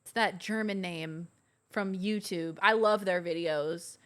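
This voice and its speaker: A woman's voice: on the low side, slow pace. A young woman casually joking and swearing while streaming a game. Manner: joking, profane, rambling.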